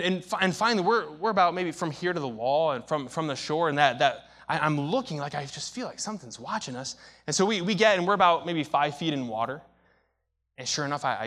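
A young man preaching a sermon, telling a story with big swings from hushed to shouting. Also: fairly high pitch.

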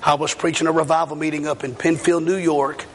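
A man's voice: a little high, little pitch movement, brisk. A middle-aged male evangelist telling a story in a sermon, drawling and folksy with plenty of fillers. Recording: hall reverb, faint noise.

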